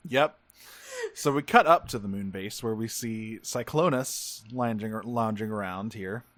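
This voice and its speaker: Relaxed, rambling male podcast host. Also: on the low side, measured pace, dry recording. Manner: relaxed, rambling, swears casually. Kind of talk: casual chat recapping a cartoon.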